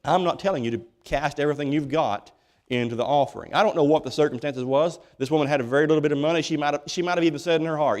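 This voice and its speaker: This church sermon comes from a pastor whose voice is on the high side with a darkish tone, delivered rapid-fire. He preaches in a folksy, emphatic way and keeps restarting.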